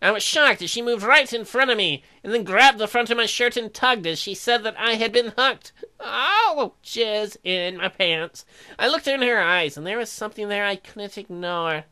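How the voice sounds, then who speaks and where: Bright-voiced woman reading game text. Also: fairly high pitch, normal speed. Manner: deadpan narration broken by crude joking outbursts. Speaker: co-host reading a dating sim. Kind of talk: reading game narration with joking asides.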